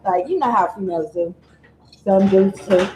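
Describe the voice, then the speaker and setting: A woman vlogger telling a true-crime story in a chatty, digressive way, full of animated asides. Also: mid-range voice, normal speed, reverberant, slight background noise, poor audio.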